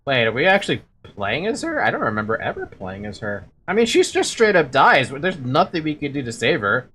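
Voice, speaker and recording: A young woman streaming a game, offering sarcastic, profane commentary between lines. Her voice is low but very animated, jumping up and down. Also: fairly quick, slightly rough. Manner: sarcastic, swears freely.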